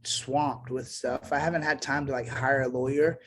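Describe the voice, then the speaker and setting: A man's voice: mid-range voice, fairly even intonation, normal speed, fairly bright tone. A man, a musician guest talking casually and bluntly in an interview, swearing now and then. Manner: blunt, swearing, self-assured.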